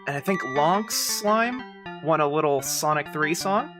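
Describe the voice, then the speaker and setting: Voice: mid-range voice, measured pace. Chatty, giggly live streamer over music. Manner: excitable, chatty, frequent giggles. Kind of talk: casual live-stream commentary. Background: music playing.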